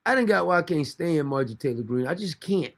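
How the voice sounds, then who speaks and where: A man's voice: a little high, animated, quick pace. A man hosting a commentary stream, reacting to news clips in a sarcastic, mocking, slangy way. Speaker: commentary host.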